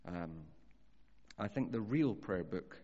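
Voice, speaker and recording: A man preaching a sermon earnestly, slowing down to stress key phrases. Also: fairly low pitch, expressive, dark tone. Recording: dull audio with long hall reverb.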